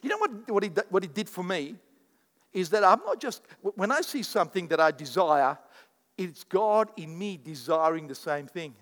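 A man preaching a sermon, swinging between loud proclamations and quieter asides. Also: sits high, expressive, moderate pace, long reverb tail. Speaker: pastor.

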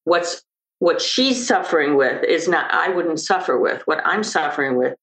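An older woman speaks as a guest on a podcast interview. Her voice sits fairly low, and she explains things emphatically, bringing in lively stories. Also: moderate pace, poor audio. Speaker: maternal mental health expert guest.

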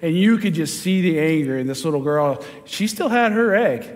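A man, a pastor, giving a sermon and telling a story with lively storytelling and chuckles. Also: fairly high pitch, moderate pace. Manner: storytelling, animated, chuckles while telling stories. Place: church sanctuary. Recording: church hall with long reverb.

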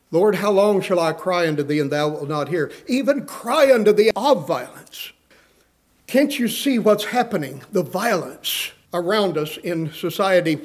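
A man preaching a sermon in a slightly raised voice. He talks in a rhythmic preaching cadence that swells into pleading outbursts. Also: a little high. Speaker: pastor.

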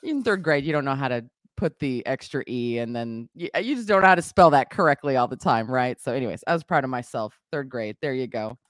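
A woman hosting a casual morning show over a video call, bubbly and quick to laugh. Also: rumbling low, expressive, no room sound, studio quality. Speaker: show host.

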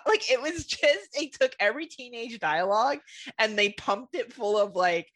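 Animated, bright-voiced woman podcast co-host. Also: a little high, moderate pace. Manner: animated, laughs often, acts out quoted voices. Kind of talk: casual movie review chat.

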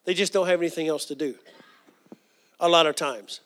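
High-voiced man preaching a sermon. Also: brisk, a bit bright. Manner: earnest storytelling, with frequent fillers.

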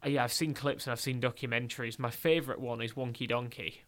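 Young northern english guy on the radio, bright tense voice, chatty, keeps restarting. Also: mid-range voice, fast. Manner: chatty, restarts a lot, excitable. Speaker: radio host. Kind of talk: casual radio chat.

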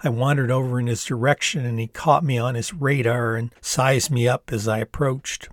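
An older American-born man tells his own story in a wry, easygoing storyteller's voice. His pitch is a plain middle register, and the sound is dry and close with no room around it. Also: steady tone, moderate pace, dry recording. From the United States. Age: 60s. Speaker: author reading his own memoir-novel. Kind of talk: storytelling narration.

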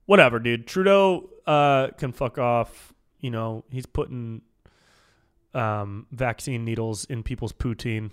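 A man's voice: medium pitch, takes it slowly, clean tone. A man hosting a casual solo podcast, rambling and swearing, calling the listeners dude. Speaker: podcast host.

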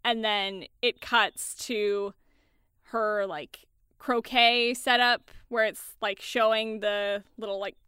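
A young woman co-hosting a casual movie chat, chatty and animated, swearing casually as she retells scenes. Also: mid-range voice, slow, clear, resonant tone, no room sound, studio quality. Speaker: podcast co-host.

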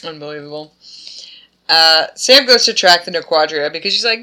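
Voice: mid-range voice, animated, normal speed, pushed and bright. A podcast co-host in casual chat who rambles and slips into offhand character voices.

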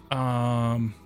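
A man guessing cards on a casual stream, talking in halting starts and cracking jokes. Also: medium pitch, gravelly. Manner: halting, joking. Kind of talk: casual live-stream chat.

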